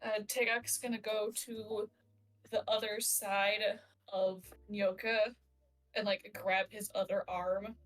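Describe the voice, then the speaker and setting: A woman's voice: medium pitch, little pitch movement, slow, fairly bright tone, soft background music. A woman describing her character's action in a tabletop game. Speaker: player. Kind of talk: tabletop role-play.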